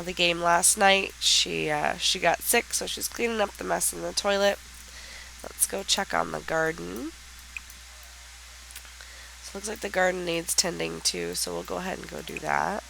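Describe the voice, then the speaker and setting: Woman, let's play host, sick with a raspy nasal voice, gravelly, bright tone, hesitant casual commentary. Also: on the low side, steady tone, a little slow, slight background noise, rough recording. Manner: hesitant, chatty explaining. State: raspy and nasal from a sinus infection.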